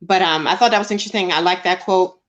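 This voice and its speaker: Chatty woman, low voice. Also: steady tone, fairly bright tone, highs cut off. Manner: chatty, enthusiastic, quick bursts of speech. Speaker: film review co-host. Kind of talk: casual film discussion.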